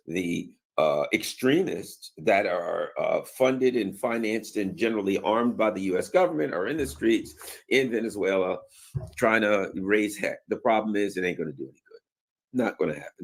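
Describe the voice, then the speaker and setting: A man delivering an off-the-cuff political commentary in a somewhat low voice. He talks loosely and colloquially, with plenty of fillers, and keeps breaking into sarcastic mock voices. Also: gravelly. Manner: sarcastic, acts out mocking voices; colloquial, many fillers and asides.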